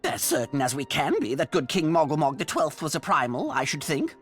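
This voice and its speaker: A dry, sardonic scholar. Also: female voice, low voice, wildly swooping pitch, brisk, faint music behind. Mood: wry. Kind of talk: game voice acting.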